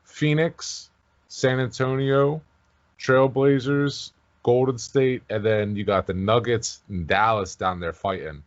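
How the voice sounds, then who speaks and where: A young man co-hosting a sports podcast, opinionated and quick to chime in. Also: medium pitch, fairly even intonation, muffled recording. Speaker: podcast co-host. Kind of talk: casual sports chat.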